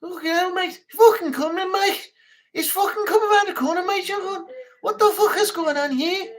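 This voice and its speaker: Brief: a man playing a loud, swearing Liverpool lad, pitched up and coarse. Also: a little fast. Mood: rowdy. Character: rowdy Liverpool lad, swearing, shouting "mate".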